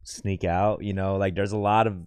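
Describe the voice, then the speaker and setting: A laid-back man co-hosting a podcast, his voice sitting a little low and recorded close and dry. He jokes easily with his co-hosts and moves calmly from one caller to the next. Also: normal speed, clear, resonant tone, dry recording. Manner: laid-back, joking, takes calls. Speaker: podcast co-host. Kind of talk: casual podcast chat.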